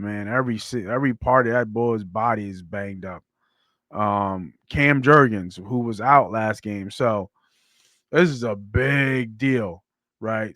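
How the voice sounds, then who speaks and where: A man hosting a sports podcast, talking football in a blunt, animated way that swears freely. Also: mid-range voice, no echo, studio quality. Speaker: podcast host. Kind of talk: casual sports talk.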